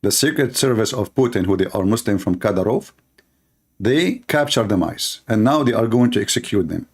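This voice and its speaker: A man's voice: lowish voice, lively intonation, moderate pace, slightly rough. A man hosting a show, giving sarcastic, teasing commentary in non-native English. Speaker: host. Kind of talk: mocking commentary on a clip.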